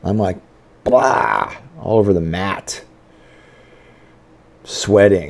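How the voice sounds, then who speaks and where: A man's voice: low-pitched, big pitch swings, drawn-out words, gravelly, long pauses. A middle-aged man hosting a podcast solo, rambling conversationally and acting out his own inner thoughts. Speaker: podcast host. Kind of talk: casual solo podcast talk.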